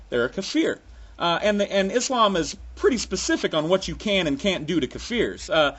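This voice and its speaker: A man's voice: fairly high pitch, a bit bright, slightly rough. A man ranting sarcastically with frequent profanity, in a solo comic monologue. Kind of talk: sarcastic comic rant to camera.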